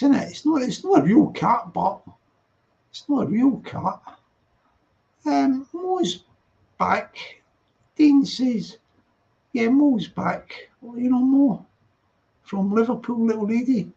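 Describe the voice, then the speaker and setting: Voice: mid-range voice, lively intonation, slow, pauses often, dark tone, dull audio. A live stream host, rambling and chatty while reading viewer comments late at night, laughing often.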